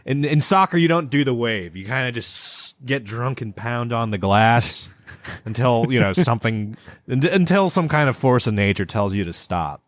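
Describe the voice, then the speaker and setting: A man's voice: mid-range voice, animated, normal speed, dry recording. A man co-hosting a podcast, chatting casually in a rambling way, with lots of stumbling restarts and swearing. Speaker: podcast co-host. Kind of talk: casual chat.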